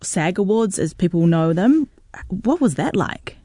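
A woman's voice: fairly low pitch, very animated, unhurried, warm tone, no echo, studio quality. A woman hosting an interview, asking curious, rambling questions and encouraging her guest. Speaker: interviewer host. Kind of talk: casual interview chat.

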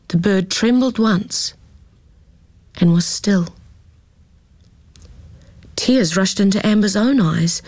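A woman reading a children's story aloud in a calm, expressive way. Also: medium pitch, no room sound. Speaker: narrator.

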